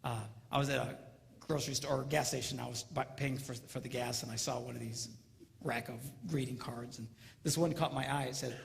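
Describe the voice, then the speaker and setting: A man giving a comedic seminar talk on marriage, animated and mimicking squealing women in falsetto. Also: fairly quick, vocal fry, slight background noise. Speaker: comedic relationship speaker. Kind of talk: stand-up style seminar talk. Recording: live hall, faint ambience.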